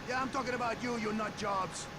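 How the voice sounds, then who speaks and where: An actor playing a gruff middle-aged male trader in a game, swaggering and profane like a sly salesman. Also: high voice, steady tone, fairly quick, pushed and bright.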